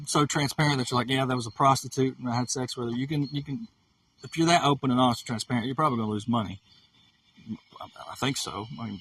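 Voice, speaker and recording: A man's voice: mid-range voice, fairly bright tone, slightly rough, recorded from a distance, poor audio. A man ranting bluntly in an unscripted monologue, swearing often and repeating himself. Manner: blunt, profane and repetitive. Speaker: streamer.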